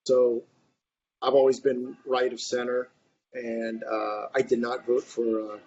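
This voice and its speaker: A man's voice: medium pitch, little pitch movement, measured pace, a little mellow, slightly rough. A man giving long, rambling remarks in a group discussion, full of fillers and restarts. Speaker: discussion participant. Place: online reading group. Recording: muffled, faint background noise.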